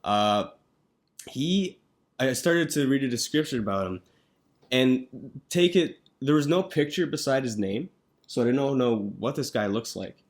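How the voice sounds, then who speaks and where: A young man with a mid-range voice who rambles and hesitates, filling gaps with lots of fillers. He tells stories in relaxed chat as a podcast co-host. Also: mid-range voice, unhurried. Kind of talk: casual chat.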